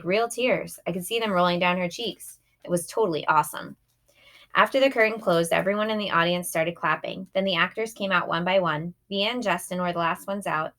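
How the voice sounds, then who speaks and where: A woman's voice: lowish voice, fairly bright tone. A woman reading a first-person children's novel aloud in a plain, youthful narrating tone. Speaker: audiobook reader.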